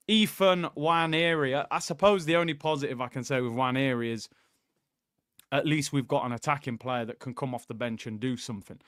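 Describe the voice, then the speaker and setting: A man's voice: high voice, clean tone, no echo, studio quality. A man hosting a football watchalong, joking and ranting to his viewers in casual chat. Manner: joking, animated rant, keeps addressing viewers as "people". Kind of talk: casual fan commentary to a live chat.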